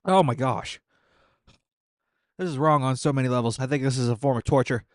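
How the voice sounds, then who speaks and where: Sweating and teary from painfully spicy wings, a gaming content creator groans in exasperation yet keeps up casual commentary on the game he's streaming. He speaks briskly at medium pitch, recorded in studio quality.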